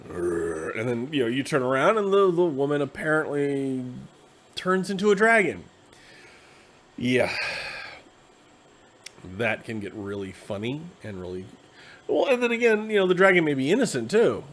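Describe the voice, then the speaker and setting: A man's voice: on the high side, big pitch swings, a bit bright. Tired man rambling casually as host. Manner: conversational, acts out quick quoted asides. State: tired, yawning. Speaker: host discussing a tabletop game class.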